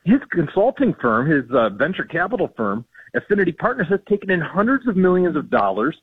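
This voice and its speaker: A man's voice: on the high side, big pitch swings, a little fast, slightly rough, no room sound. A man speaking as a guest on a phone-in radio interview, earnest and indignant, with many ums and restarts. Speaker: policy guest. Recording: tinny phone line.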